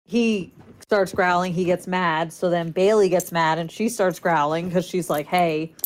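A woman's voice: on the low side, moderate pace, slight background noise. A woman chatting casually about a film and her dogs, laughing often and acting out what people said. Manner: laughing storyteller, acts out quotes. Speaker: podcast guest.

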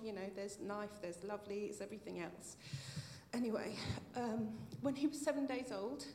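Heartfelt woman in an echoey hall. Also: a little high. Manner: heartfelt, tearful at times, with soft laughs. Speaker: church member giving a testimony. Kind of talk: personal testimony at a church meeting. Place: church meeting room. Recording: echoey hall with faint noise.

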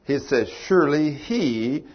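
An older man with a drawl delivers a folksy sermon. His voice is a bit husky and leaps up on emphatic lines. The recording sounds dull and lo-fi. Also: fairly high pitch, animated, a little slow. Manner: folksy, emphatic preaching with rising exclamations. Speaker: preacher. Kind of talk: sermon teaching.

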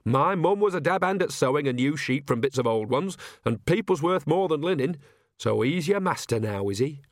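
A man plays a cheerful, nosy old witch woman, chatting in a coaxing, folksy way. He pitches his voice above his natural one, landing on the high side, expressive and at normal speed. The recording is dry and studio quality.

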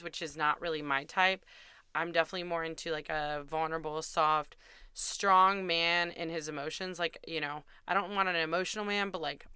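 A woman's voice: low-pitched, bright, forceful tone, clean tone, no room sound, studio quality. A young woman host telling a candid, self-deprecating dating story in a chatty way, swearing freely. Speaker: podcast host.

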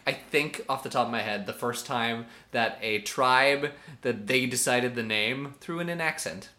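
A man's voice: mid-range voice, a little slow, bright, forceful tone. A man co-hosting a podcast, casually recapping a reality show, joking, laughing often and acting out scenes. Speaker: podcast co-host.

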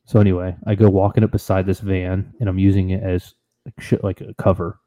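A man co-hosting a podcast, telling a trip story in an animated, excitable, casual way. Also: sits low, a little fast, narrow, tinny audio. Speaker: podcast co-host.

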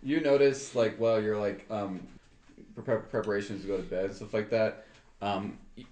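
A man's voice: fairly low pitch, steady tone, moderate pace, darkish tone, roomy sound. A man running a tabletop game as game master, hesitant and full of fillers. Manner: hesitant, with fillers and self-corrections.

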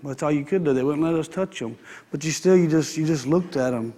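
A pastor preaches a sermon in a conversational, folksy way, repeating his phrases. His voice is fairly high-pitched with a dark tone, he speaks briskly, and the recording has long hall reverb.

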